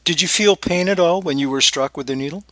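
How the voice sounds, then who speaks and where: A man's voice: on the high side, quick pace, fairly bright tone, dry recording. A man hosting a radio talk show, interviewing a guest in a conversational way. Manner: conversational, plugs the website.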